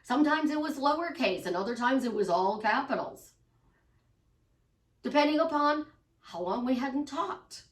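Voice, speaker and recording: A woman's voice: sits high, animated, moderate pace, long pauses. Emphatic woman coach in a roomy space. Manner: emphatic, repeats phrases, acts out inner voices. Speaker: life coach. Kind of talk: casual monologue to camera. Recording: roomy echo, voice from a distance.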